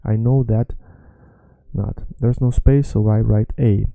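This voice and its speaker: A man teaching a language lesson, repeating phrases slowly and patiently. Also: on the low side, fairly even intonation, gravelly, warm tone, no room sound.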